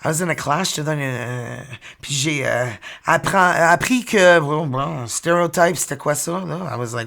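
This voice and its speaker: Animated man, gravelly voice. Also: fairly high pitch, moderate pace. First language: French. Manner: animated, teasing and chatty. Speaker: tarot reader. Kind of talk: casual tarot reading.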